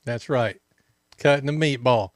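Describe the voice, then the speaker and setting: A man's voice: medium pitch, measured pace, no echo, studio quality. A man hosting a talk show, bantering easily and laughing often. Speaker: host. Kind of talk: casual chat.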